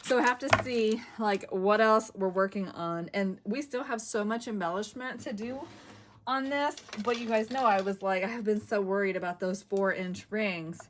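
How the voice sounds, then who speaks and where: A woman's voice: mid-range voice, normal speed, noisy background. A middle-aged woman hosting a craft video, chatting casually and thinking aloud as she works. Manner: chatty, giggly, thinks aloud while working. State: a bit winded.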